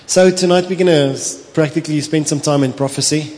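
A pastor with a South African accent, preaching a sermon, telling stories with animation, slipping into Afrikaans and laughing often. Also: male voice, on the high side, brisk, a little mellow, a little hiss or hum. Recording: long hall reverb with faint ambience.

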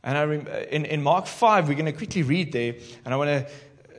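A male pastor preaching a sermon in an animated way, talking straight to his congregation in church. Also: a little high, brisk, in a large hall.

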